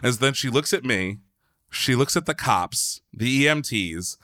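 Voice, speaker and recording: A man's voice: medium pitch, lively intonation, normal speed, bright, forceful tone, no echo, clean studio sound. A man from Philadelphia, a podcast guest, telling a long story in a loose, chatty way, full of "like" and the odd swear word. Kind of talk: casual storytelling.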